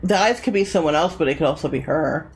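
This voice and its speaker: A woman's voice: low voice, fast talker, creaky, soft background music. A woman playing a video game aloud, reading choices and bantering sarcastically with the characters. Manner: sarcastic, playful. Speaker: game streamer. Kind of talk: casual let's-play commentary.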